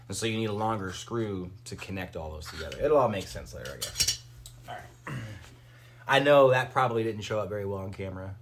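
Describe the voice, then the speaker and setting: A lowish, slightly bright male voice comes through with a bit of hiss or hum. He's assembling hardware at home during a live stream, chatting in a rambling, easygoing way and cracking jokes at the chat and his dog as he builds.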